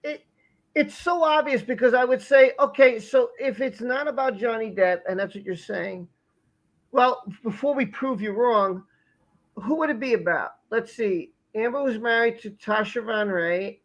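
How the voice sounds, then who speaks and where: A man's voice: very high-pitched, normal speed, lo-fi sound. A man hosting a live stream, asking rhetorical questions in a repetitive, casual way.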